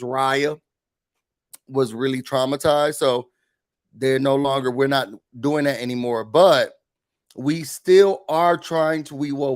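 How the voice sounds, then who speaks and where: A man hosting a mock office meeting in a faux-serious, deadpan manner, breaking into put-on emotion now and then. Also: medium pitch. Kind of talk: comedic mock corporate briefing.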